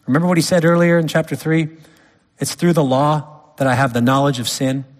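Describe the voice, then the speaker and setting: A man preaching a sermon, emphatic, swinging from loud stresses to quiet drops. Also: fairly high pitch, level tone, brisk. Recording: long hall reverb.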